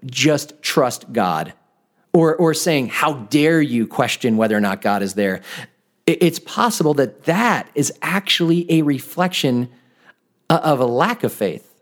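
A man preaching a sermon, earnest in manner, often restarting his words and slowing down and softening for tender moments. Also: mid-range voice. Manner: earnest, with frequent stammered restarts. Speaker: pastor.

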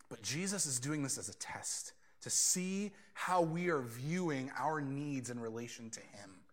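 A man's voice: medium pitch, normal speed, a bit bright. A male pastor preaching a sermon in a conversational way, slipping into quoted voices as he tells the story.

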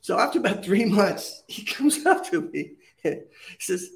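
A man's voice: sits high, moderate pace, vocal fry. A middle-aged man, a podcast guest, telling stories and acting out the voices of others. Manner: animated, acts out quoted voices. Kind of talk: storytelling in an interview.

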